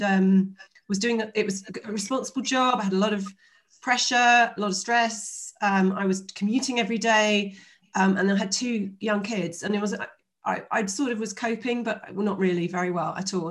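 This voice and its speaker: Chatty woman in her fifties. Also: medium pitch. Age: 50s. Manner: chatty, animated retelling with filler words. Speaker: guest. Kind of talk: conversational interview storytelling.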